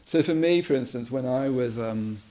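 A man giving a reflective talk, musing aloud, repeating words and pausing with ums. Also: mid-range voice, mellow.

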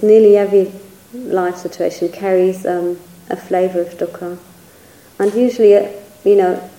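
Her voice lowish and mellow, a woman teacher searches for words during a reflective Buddhist dharma talk, often hedging with "sort of." It's a low-quality recording in an echoey room.

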